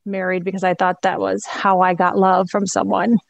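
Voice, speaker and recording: A woman's voice: medium pitch, level tone, normal speed, creaky, no echo, muffled recording. A middle-aged woman, a guest in an interview, candidly and reflectively telling a personal story with a laugh now and then.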